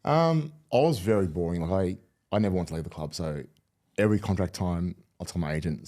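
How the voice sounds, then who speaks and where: This podcast guest, a retired rugby league player in middle age, talks fast in a low-pitched, warm voice. He's candid and rambling, restarting sentences again and again as he tells stories in a casual interview.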